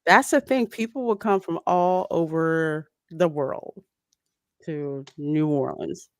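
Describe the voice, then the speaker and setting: Woman, watch-party host, casual film commentary, lowish voice, dry close sound. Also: takes it slowly, no room sound. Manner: chatty, reads viewer comments aloud.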